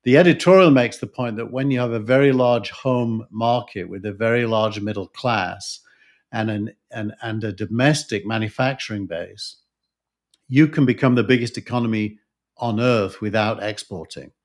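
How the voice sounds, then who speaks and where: Yorkshire guy on a podcast, lowish voice, lots of ums and restarts as he thinks. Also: normal speed. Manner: thoughtful, hesitant with frequent fillers and restarts. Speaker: podcast co-host. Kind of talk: casual discussion.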